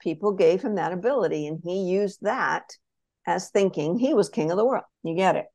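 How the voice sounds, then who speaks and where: Lively woman telling a spiritual reading. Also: on the low side, moderate pace, no echo. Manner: animated storyteller who acts out quotes; checks in with the listener often. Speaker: spirit messenger, podcast guest. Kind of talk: spiritual reading, told as a story.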